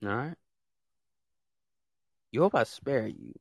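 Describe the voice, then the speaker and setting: A man's voice: mid-range voice, lively intonation, slow, gravelly, dry recording. A man who hosts a podcast, scolding listeners in a heated, repetitive rant about trolls and bans. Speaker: podcast host. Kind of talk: ranting monologue.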